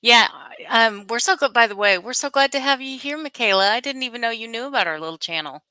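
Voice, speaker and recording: Bubbly woman with a higher voice. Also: fast, pushed and bright, dry recording. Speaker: co-host. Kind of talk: casual chat.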